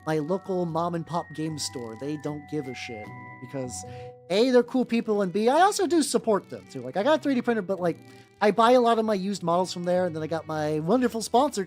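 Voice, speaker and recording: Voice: medium pitch, a little mellow. A VTuber chatting casually while painting miniatures, rambling and profane, full of fillers and restarts. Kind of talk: casual live-stream chat while working. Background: faint background music.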